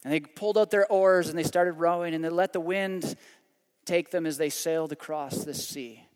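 High-voiced preacher in a reverberant hall. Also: male voice, normal speed, smooth. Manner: dramatic storytelling, surging then hushed prayer. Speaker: pastor. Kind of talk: sermon.

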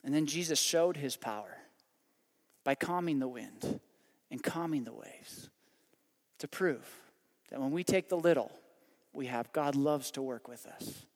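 A man, a pastor, telling a story dramatically in a sermon, with passages that swell and then fall to a hushed prayer. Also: fairly high pitch, in a large hall.

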